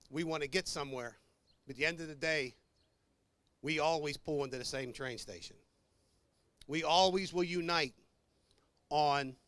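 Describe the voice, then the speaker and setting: A man's voice: on the high side, fairly bright tone, no room sound. A man speaking for labor at an outdoor rally, ad-libbing an earnest speech to the crowd. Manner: earnest, addresses crowd as brothers and sisters. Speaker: labor leader.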